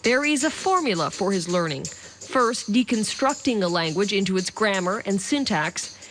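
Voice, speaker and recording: A woman reporter reading scripted news narration in a measured, even way. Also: mid-range voice. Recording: voice-over with background music.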